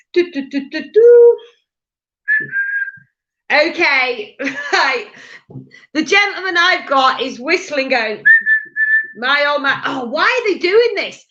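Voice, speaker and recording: A woman medium giving a live reading in a halting, chatty way, with many fillers and restarts. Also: a little high, bright, forceful tone, muffled recording.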